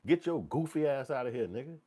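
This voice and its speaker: A man's voice: mid-range voice, fairly quick. A man hosting a commentary show, ranting bluntly and profanely and mocking people in put-on voices. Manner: blunt, animated, swings into mocking quoted voices.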